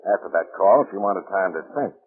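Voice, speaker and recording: Low, dry police lieutenant, even and probing, tinny 1940s radio. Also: male voice, brisk, husky. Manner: dry, matter-of-fact questioning.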